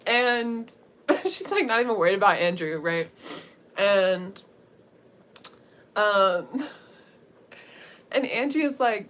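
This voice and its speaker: A woman's voice: mid-range voice, big pitch swings, slow pace, pauses often, fairly bright tone. A young woman livestreamer recapping a story in a chatty, slangy way, laughing often as she goes.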